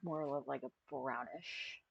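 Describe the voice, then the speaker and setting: Streamer voice, slow and husky, muttering half-thoughts to themselves on a dull, lo-fi stream mic. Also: medium pitch, dry recording. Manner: muttering to self, trailing off mid-thought. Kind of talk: casual live-stream chat while building an avatar.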